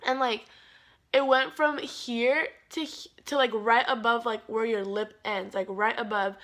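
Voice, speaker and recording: A woman's voice: on the high side, steady tone, measured pace, a bit bright. A young woman vlogger telling a storytime in a chatty way, full of "like" and dramatic quotes of herself. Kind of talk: casual storytime.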